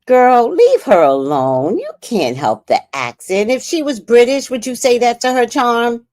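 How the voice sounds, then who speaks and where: With her New York accent, this woman hosts a live stream, offering casual commentary that's chatty, blunt, full of swearing and frequent laughter. Her voice is on the high side and animated, at a normal pace with no echo.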